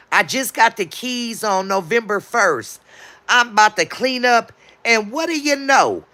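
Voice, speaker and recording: A woman's voice: medium pitch, pushed and bright. A woman livestreaming, chatting casually and answering her viewers' comments as they come in.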